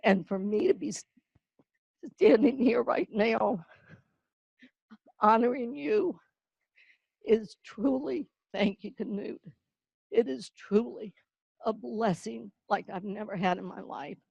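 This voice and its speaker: Older woman, warmly folksy presenter; unhurried delivery, close dry mic, slightly muffled. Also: on the high side, vocal fry, slightly rough, dry recording. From North Carolina-Virginia border, US. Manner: folksy storyteller, slow and emotional. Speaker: award presenter. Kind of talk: heartfelt tribute speech.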